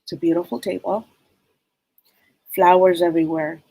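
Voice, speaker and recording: A woman giving a live spirit reading as a psychic medium, rambling and halting with many fillers. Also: fairly low pitch, fairly even intonation, creaky, warm tone, breathy edge, no room sound, low-quality recording.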